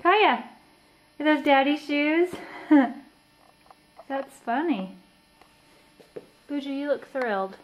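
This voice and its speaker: A woman's voice: high voice, animated, slow, long pauses, lo-fi sound, a little hiss or hum. A woman talking to her toddler in a home video, with playful, sing-song, coaxing baby talk. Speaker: mother filming her toddler.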